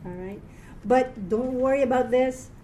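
Woman teacher, slightly high voice, slow and patient delivery, tired, laughs often, fixes her own slips. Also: dark tone, a little hiss or hum. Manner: chatty, laughs often, self-correcting. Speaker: Hebrew reading teacher. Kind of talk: live class teaching.

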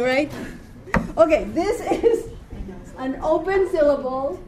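A tired woman teaching a live reading class, chatty, quick to laugh and correct herself. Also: a little high, crowd noise.

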